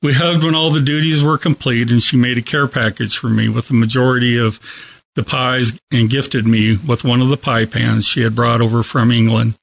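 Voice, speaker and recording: A hospice chaplain, a man, telling earnest, measured stories as a guest on a talk show. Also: medium pitch, fairly even intonation, gravelly. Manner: gentle, earnest, measured storytelling. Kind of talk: storytelling in a talk show interview. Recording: dull lo-fi broadcast audio.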